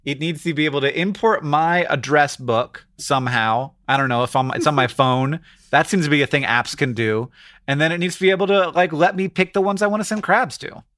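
A man co-hosting a podcast, explaining ideas casually and thinking out loud with frequent restarts. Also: on the high side, a little fast. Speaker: podcast co-host.

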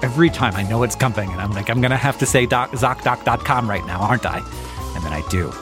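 A man reads a podcast sponsor ad in a relaxed, conversational way. He breaks in with joking, self-deprecating asides, and faint music plays behind him. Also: medium pitch, fast. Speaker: podcast host reading an ad. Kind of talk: casual ad read.

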